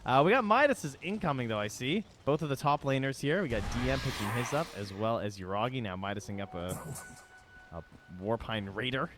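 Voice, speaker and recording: A man co-casting a live esports match, chatty and analytical, breaking into excitement at big plays. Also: medium pitch, fairly quick, noisy background. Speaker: esports co-caster. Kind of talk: live game commentary.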